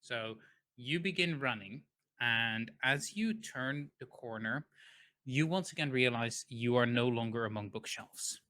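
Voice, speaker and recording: A man narrating a tabletop game as game master, in an unhurried way, with frequent ums and self-corrections as he builds the scene. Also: mid-range voice, sharp tone.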